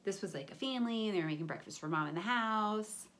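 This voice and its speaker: A woman teacher reading a picture book aloud to children, animated, with character voices and sound effects. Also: mid-range voice, fast talker.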